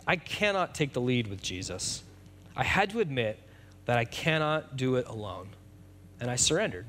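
A man preaching a sermon in a relaxed, conversational way, with fillers and restarts. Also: a little high, slight background noise. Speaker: pastor.

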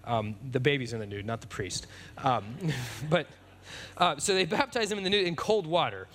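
A man preaching a sermon in a relaxed, conversational way, with fillers and restarts. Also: medium pitch, moderate pace. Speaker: pastor.

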